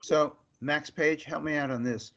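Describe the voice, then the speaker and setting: A man's voice: fairly high pitch, fairly even intonation, measured pace, a bit bright, dull audio. A man hosting an interview, putting questions and stating points emphatically and directly. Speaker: host. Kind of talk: interview hosting, political commentary.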